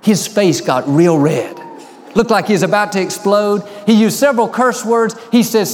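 A man preaching a sermon, telling stories and slowing down to stress key lines. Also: high-pitched, darkish tone, long reverb tail, slight background noise. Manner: storytelling, slows for emphasis. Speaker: pastor.

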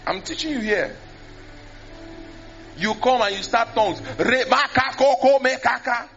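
A preacher, speaking animatedly into a handheld mic, often mimicking prayers and repeating words. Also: male voice, high voice, animated, a little slow, fairly bright tone. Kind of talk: sermon. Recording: dull lo-fi sermon recording.

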